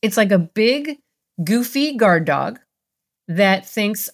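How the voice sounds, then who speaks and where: Speaking slowly in a mid-range voice, a middle-aged woman who works as a therapist explains concepts in a podcast interview. She brings her examples to life animatedly, acting out little voices.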